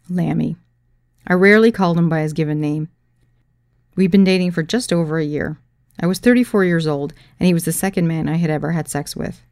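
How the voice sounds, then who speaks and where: A woman's voice: low-pitched, brisk, a little mellow, dry recording. A woman narrating a memoir audiobook with wry, dry humor.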